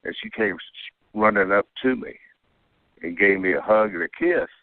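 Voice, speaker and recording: A man's voice: lowish voice, normal speed, no room sound. A man calling in to tell a rambling first-person story, often checking in with "okay?" and "you know". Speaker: caller telling an abduction story. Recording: tinny phone line, dry.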